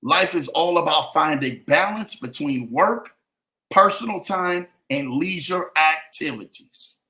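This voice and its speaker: A man's voice: on the high side, animated, a little slow, bright, forceful tone. A man hosting a motivational podcast, talking emphatically and repeating phrases for effect, with a preachy, keeping-it-real manner. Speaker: podcast host.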